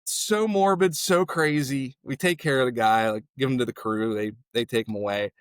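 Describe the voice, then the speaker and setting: Animated male paramedic telling stories. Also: mid-range voice, normal speed, smooth, dry recording, studio quality. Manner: animated, filler-heavy, lots of "like". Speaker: podcast guest, paramedic. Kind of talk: casual storytelling.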